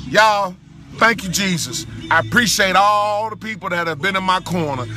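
A man recording himself in his car, talking in an exuberant, shouting, whooping way with preacher-like exclamations. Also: sits high, moderate pace. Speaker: vlogger. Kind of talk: excited celebratory monologue. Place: inside a car. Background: faint music playing.

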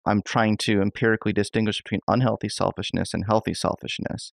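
A man's voice: on the low side, flat delivery, quick pace, vocal fry, no echo. A man hosting a podcast interview, enthusiastic and thinking aloud with lots of fillers. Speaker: podcast host. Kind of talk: conversational interview.

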